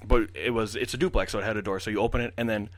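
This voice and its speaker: A man in his twenties, a podcast guest, telling a story in casual chat, animated and full of fillers. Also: lowish voice, rapid-fire, dry recording.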